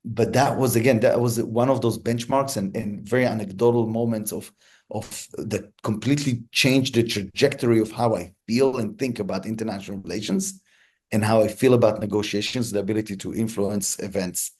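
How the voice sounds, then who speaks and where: Mellow low-voiced man telling stories. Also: brisk. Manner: thoughtful, many restarts, relaxed storytelling pace. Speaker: hostage negotiator guest. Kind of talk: reflective interview storytelling.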